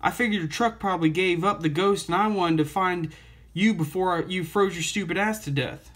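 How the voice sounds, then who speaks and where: A man's voice: high voice, normal speed, fairly bright tone, voice pushed up. A man reading aloud the lines of a blunt, worried young sister from a comic book, voice a little raised. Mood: exasperated.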